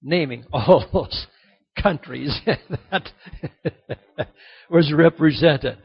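Husky high-voiced man preaching a sermon. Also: extremely slow. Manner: animated preaching that climbs to excited peaks. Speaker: pastor. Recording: dull lo-fi sound.

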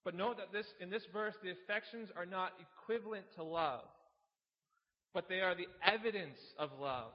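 High-voiced man preaching in a hall. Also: normal speed, dull audio. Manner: earnest teaching, reads scripture aloud, asks rhetorical questions. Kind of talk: sermon.

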